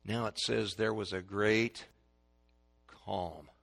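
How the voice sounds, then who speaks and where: A man preaching a sermon to a congregation, swinging between loud proclaiming and hushed, dramatic quiet. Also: mid-range voice, normal speed, vocal fry.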